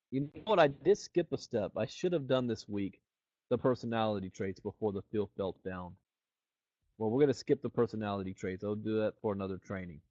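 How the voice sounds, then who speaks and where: A man's voice: mid-range voice, dry recording. A middle-aged man giving a motivational network marketing training, telling stories and acting out the people he quotes. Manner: animated storyteller who acts out the quoted people. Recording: dull, dry lo-fi recording.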